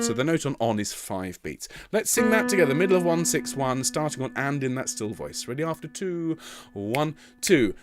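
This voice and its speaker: An animated man at normal speed, his voice mid-range and set against loud music, coaches a tenor choir online. He explains notes, counts the singers in, and offers encouragement while singing phrases to show how they go.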